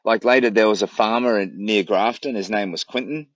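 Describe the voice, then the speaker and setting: A man's voice: fairly low pitch, brisk, dry recording, muffled recording. An Australian man on a long charity walk, chatting casually to a livestream from his camp in the bush and telling rambling stories with a laugh. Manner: rambling, warm storytelling with laughs. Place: camped outdoors in the bush. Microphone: phone livestream.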